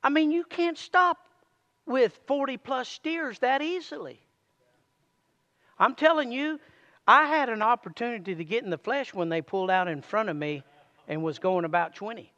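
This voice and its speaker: A man preaching a sermon to a congregation, calling for amens and reading scripture aloud slowly. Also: extremely high pitch, pushed and bright, long reverb tail. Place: church sanctuary.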